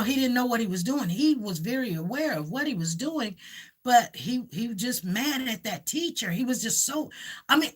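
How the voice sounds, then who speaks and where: Hosting a laid-back livestream, this woman rambles and repeats herself while reading viewer comments aloud, pausing to coo repeatedly at her dog. Her voice is on the high side, a bit bright and slightly rough.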